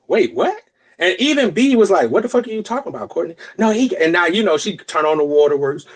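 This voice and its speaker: Talking a little fast in a high voice, a young adult co-host on a podcast tells a lengthy tale. His chat is casual and full of swearing, and he lively acts out what others said using different voices.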